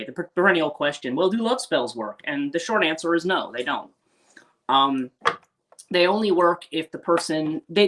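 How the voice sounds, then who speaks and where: A woman's voice: low-pitched, a bit bright. A woman hosting a spiritual life coaching livestream, talking casually and rambling, with many restarts and acted-out quotes. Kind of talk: casual unscripted livestream talk.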